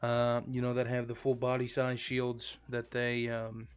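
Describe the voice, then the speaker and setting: Smooth-voiced laid-back male game streamer. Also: medium pitch, completely flat delivery, a little slow. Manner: rambling, filler-heavy, laid-back. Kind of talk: casual live-stream chat. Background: faint background music.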